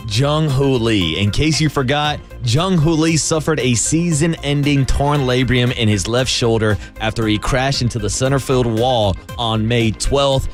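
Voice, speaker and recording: A man's voice: medium pitch, moderate pace, hardly any pauses, soft background music. Upbeat male radio co-host. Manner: playful, upbeat. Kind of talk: casual radio banter and sponsored segment.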